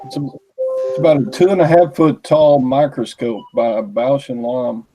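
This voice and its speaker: A man chatting on a video call, rambling through a list of items with pauses. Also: medium pitch, fairly even intonation, mellow, slight background noise, poor audio. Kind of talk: casual chat. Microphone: computer mic on a video call.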